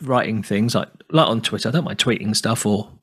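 Casting: husky-voiced UK man, casual podcast co-host, rambling chat. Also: fairly low pitch, fairly quick, fairly bright tone. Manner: chatty, rambling, laughs easily.

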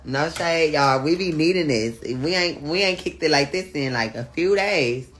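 A woman hosting a casual live stream, chatting with viewers. She laughs often, swears freely and teases in a loud, playful way. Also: sits low, animated, normal speed, slight background noise.

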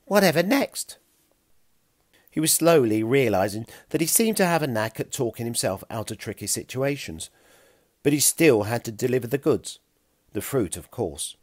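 A man narrating a children's story in an expressive, playful way, recorded close. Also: medium pitch, normal speed, dry recording.

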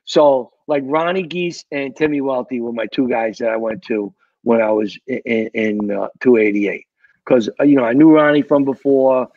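Gravelly New man telling old stories. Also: mid-range voice, moderate pace, darkish tone, no echo, lo-fi sound. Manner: rambling, repeats words, tells war stories. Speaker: guest, retired fire captain. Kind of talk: casual storytelling.

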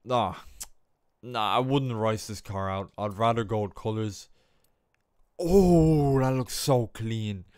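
Excitable young man narrating his gameplay. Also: lowish voice, measured pace, clean tone, no room sound, clean studio sound. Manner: excitable, self-mocking, exclaims often. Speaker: gaming YouTuber. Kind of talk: casual gameplay commentary.

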